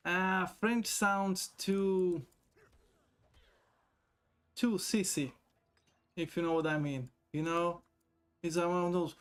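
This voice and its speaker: A man chatting on a live stream in a loose, rambling way, his voice sitting a little high for a man. He swears freely, laughs often and reads viewers' messages aloud from a desk mic. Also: steady tone, takes it slowly, pauses often, clean tone. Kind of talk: casual live-stream chat.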